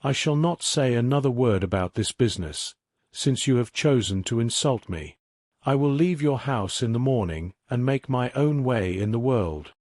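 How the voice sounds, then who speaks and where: A proud, sullen young man, as a narrator puts him on, answering with cold defiance. The voice sits mid-range and dry, clearly from an audiobook. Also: medium pitch, lively intonation, normal speed, a little mellow, no room sound, natural voice. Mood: defiant.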